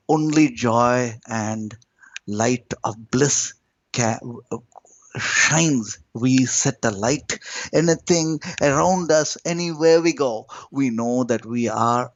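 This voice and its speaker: A man's voice: no room sound, muffled recording. Man teaching spiritual practice, swooping intonation. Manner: slow, emphatic, lilting with sudden rises and drops in pitch and loudness. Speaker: spiritual teacher, podcast guest.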